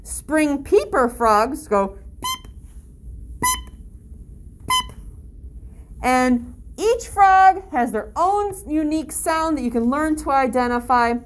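Upbeat high-voiced woman leading a story walk. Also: expressive, measured pace, noisy background. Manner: upbeat, encouraging, teacherly, with animal-sound imitations. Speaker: library story-walk guide. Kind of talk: reading a picture book aloud to children.

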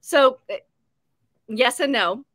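A woman's voice: sits high, slow pace, fairly bright tone, no room sound, studio quality. A woman co-hosting a live show, chatty and encouraging as she quizzes viewers. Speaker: health segment co-host. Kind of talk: casual live-stream chat.

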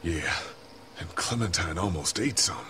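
A man's voice: unhurried, a little hiss or hum, heavily acted. An actor playing a weary grown man who protects a young girl, speaking grimly and steadily. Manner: low, grim, steady.

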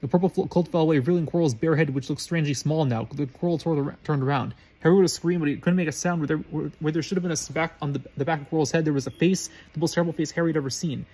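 Man, story reading, quick pace, husky voice, stumbles often. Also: fairly high pitch, darkish tone. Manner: fast, with frequent stumbles and restarts. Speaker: reader.

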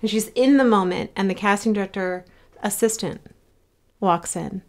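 A woman hosting a podcast, interviewing her guest in a conversational way, reacting warmly and asking follow-up questions. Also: mid-range voice, moderate pace. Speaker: podcast host.

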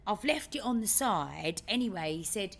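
A woman co-hosting a podcast, telling a story in a lively way and acting out other people's lines. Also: mid-range voice, normal speed, vocal fry, faint music behind. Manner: animated storyteller, acts out her dad's lines. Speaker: podcast co-host. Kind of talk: casual chat, storytelling.

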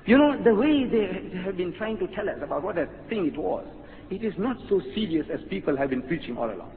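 A high-voiced man lectures to a hall, his pitch leaping as he fires off rhetorical questions. The recording is tinny and lo-fi, with a long hall echo and faint hiss. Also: a little fast. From South Africa. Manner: animated, rhetorical questions, acts out quotes. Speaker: religious lecturer. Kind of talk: public lecture.

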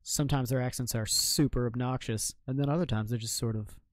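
A young man from Maine talks loosely while streaming a game, joking with chat and cursing freely. His voice sits at an ordinary middle pitch. The sound is dry and close, with no room around it. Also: steady tone, a little fast, dry recording. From Maine, United States. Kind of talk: casual live-stream chat while gaming.

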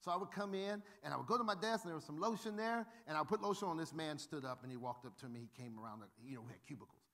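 Bright high-voiced preacher man. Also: rapid-fire. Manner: animated, humorous, acts out quoted voices. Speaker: pastor. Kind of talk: sermon with storytelling.

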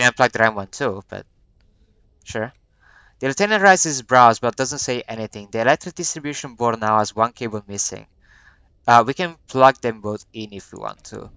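Bright, crisp-voiced man musing through a game. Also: mid-range voice, no echo. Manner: thinks aloud, hesitant, musing. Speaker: let's play gamer. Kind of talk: gameplay commentary, reading game text aloud.

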